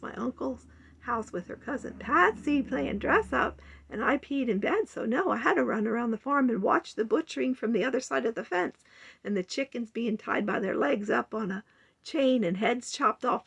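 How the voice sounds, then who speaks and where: A woman's voice: on the high side, creaky, a bit bright, slightly rough. A woman in her sixties talking earnestly in a rambling, heartfelt personal vlog monologue. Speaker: vlogger.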